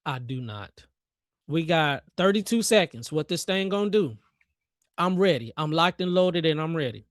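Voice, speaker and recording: A man's voice: a little high, lively intonation, moderate pace, no echo, clean studio sound. A young man hosting a live trading stream, giving playful, hyped commentary in slang and joking with his chat. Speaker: trading livestream host.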